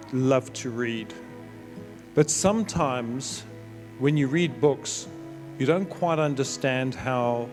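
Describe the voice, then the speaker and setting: A middle-aged man giving a sentimental, halting wedding speech as father of the bride. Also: mid-range voice. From South Africa. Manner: sentimental, storytelling with halting restarts. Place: wedding reception.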